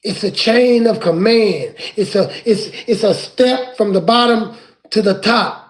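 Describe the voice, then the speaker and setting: A man preaching from scripture in an impassioned way, rising at times to crying shouts. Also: high voice, a little slow.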